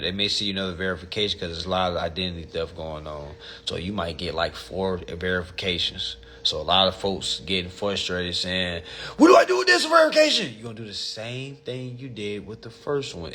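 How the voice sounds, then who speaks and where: A man's voice: sits low, moderate pace, hardly any pauses, pushed and bright. A man hosting a casual livestream and answering viewer questions, blunt and profane, and often calling his listeners family.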